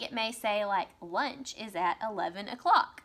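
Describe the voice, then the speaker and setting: A woman teacher talks young children through a writing lesson. Her voice is bright and forward. She slows down and stresses each example sentence she reads aloud. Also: mid-range voice, lively intonation. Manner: slow, exaggerated read-aloud of example sentences.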